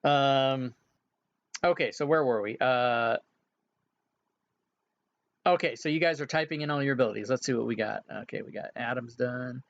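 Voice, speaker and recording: Relaxed game master, slightly dull audio. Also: male voice, mid-range voice, normal speed, pauses often. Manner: relaxed, explanatory, with frequent filler sounds. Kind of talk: casual instructions during an online game session.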